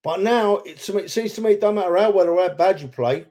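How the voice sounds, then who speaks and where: A man's voice: sits high, quick pace, mellow. A man co-hosting a football podcast, talking with feeling and repeating himself for emphasis. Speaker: podcast co-host, football fan. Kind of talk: casual chat.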